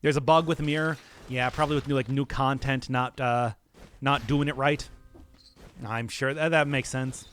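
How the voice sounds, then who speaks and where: A man's voice: medium pitch, fairly even intonation, normal speed, a bit bright, slight background noise. A young man streaming a video game live, giving rambling, chatty commentary and laughing often.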